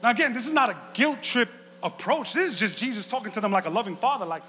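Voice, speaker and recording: Man, pastor, passionate sermon, bright ringing tone, light background hiss. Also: sits high, expressive, fast talker. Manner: passionate, builds to shouts. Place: church sanctuary. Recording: reverberant hall.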